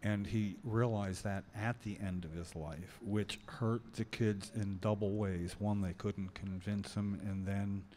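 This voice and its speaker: A man hosting a podcast, speaking haltingly with many fillers. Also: lowish voice, steady tone, mellow. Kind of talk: podcast conversation.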